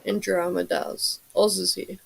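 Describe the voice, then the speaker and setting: A man's voice: sits high, little pitch movement, unhurried, gravelly, fairly bright tone. A man hosting a live stream, chatting in an emphatic, sweary way over a video call. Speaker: stream host. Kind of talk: casual chat.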